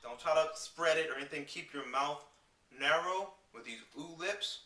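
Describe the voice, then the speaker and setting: A man giving a singing lesson, explaining clearly and demonstrating vocal scales on simple syllables. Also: fairly high pitch, normal speed, pushed and bright, distant mic. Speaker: singing teacher. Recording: roomy sound with piano behind. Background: piano accompaniment.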